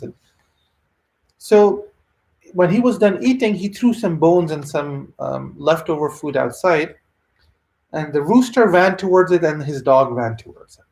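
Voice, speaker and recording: A man giving a sermon as a religious teacher, telling a moral story in a lively, conversational way with asides to his listeners. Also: a little high.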